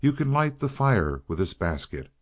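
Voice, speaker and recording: A man's voice: mid-range voice, big pitch swings, normal speed, voice pushed up. A man voicing a grumbling, blustering peasant man in a storybook reading, with a demanding manner. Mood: gruff.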